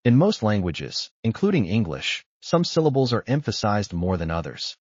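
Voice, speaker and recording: A man narrating a scripted language lesson, explaining rules in a measured way. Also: on the low side, big pitch swings, darkish tone, husky, no echo, muffled recording. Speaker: language teacher.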